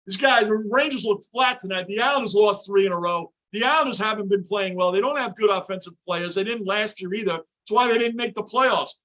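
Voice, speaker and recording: Male stream host, high pitch, sharp tone, intense fan ranting live from a home basement. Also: fairly quick, few pauses. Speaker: livestream host. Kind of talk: live sports reaction commentary.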